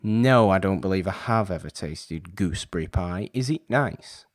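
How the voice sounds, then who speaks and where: A man co-hosting a podcast, chatting casually about an old film in an animated, exasperated, rambling way. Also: low-pitched, moderate pace. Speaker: podcast co-host.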